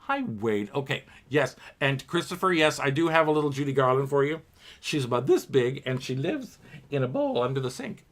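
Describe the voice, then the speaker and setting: A man's voice: mid-range voice, big pitch swings, normal speed. A man hosting a home livestream piano bar, singing show tunes and chatting playfully with viewers as he reads their comments aloud. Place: home apartment.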